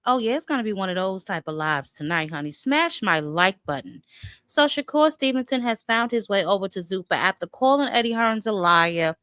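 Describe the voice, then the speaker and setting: A woman's voice: mid-range voice, lively intonation, a little fast, a bit bright, smooth, no echo, clean studio sound. A woman hosting a casual boxing livestream, dramatic and sassy, calling her viewers honey and child.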